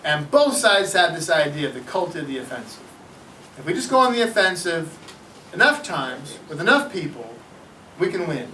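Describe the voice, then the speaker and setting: A middle-aged male teacher giving a classroom history lecture, animated, often putting questions to his students. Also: on the high side, moderate pace, a little hiss or hum. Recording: echoey classroom from far off.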